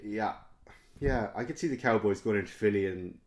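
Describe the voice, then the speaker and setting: A man's voice: fairly low pitch, moderate pace. An Irish man, a comedian guest on a podcast, telling anecdotes in an easygoing way and swearing freely. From Ireland. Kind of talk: casual storytelling chat.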